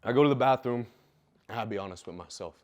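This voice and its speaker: A man's voice: mid-range voice, quick pace, darkish tone. A young adult man telling a raw personal story, emotional and full of swearing, repeating phrases for emphasis. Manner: profane, emotional, repetitive emphasis. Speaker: speaker telling his life story.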